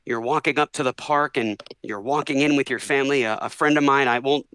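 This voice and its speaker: A man telling a long story as a podcast guest in a casual, animated way, acting out the people he quotes. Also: medium pitch, brisk, clean tone, no echo, poor audio. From Orlando, Florida area. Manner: animated, acts out voices in quotes.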